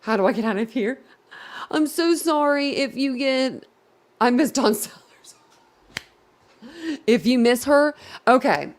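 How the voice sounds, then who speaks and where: A woman's voice: high-pitched, lively intonation, measured pace, pauses often. A woman hosting a casual livestream and chatting to her viewers in a giggly, easily flustered way. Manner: giggly and easily flustered, talks straight to the chat. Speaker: livestream host.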